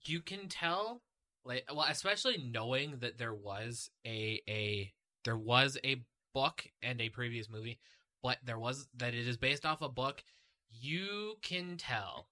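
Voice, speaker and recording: Bright-voiced man hosting a podcast. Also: mid-range voice, unhurried. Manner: animated, rambling. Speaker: podcast host. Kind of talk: casual chat.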